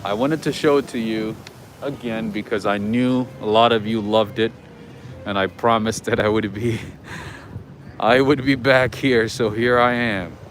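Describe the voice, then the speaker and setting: A man's voice: lowish voice, steady tone, measured pace, a little hiss or hum. A man hosting a casual live walking tour outdoors at night, chatting with viewers and answering their comments. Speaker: livestream host. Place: outdoors on an old-town street at night. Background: jazz music playing nearby.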